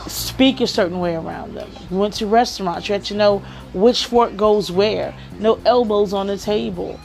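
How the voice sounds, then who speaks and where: A woman's voice: mid-range voice, moderate pace, vocal fry, darkish tone, soft background music. A woman hosting a podcast, giving advice in a chatty storytelling way and often saying "you know.". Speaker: podcast host. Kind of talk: casual advice monologue.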